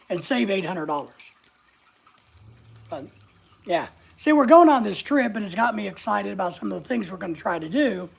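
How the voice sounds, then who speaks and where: An older woman chats her way through a live stream, rambling from one thought to the next. Her voice is gravelly and a bit husky, with a comfortable, unhurried feel. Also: medium pitch. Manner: rambling, chatty, reads out viewer comments. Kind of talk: casual live-stream chat.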